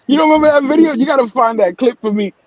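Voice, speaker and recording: A man's voice: very high-pitched, no room sound, lo-fi sound. A man hosting a casual live-stream morning show, ranting heatedly and swearing often. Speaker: host.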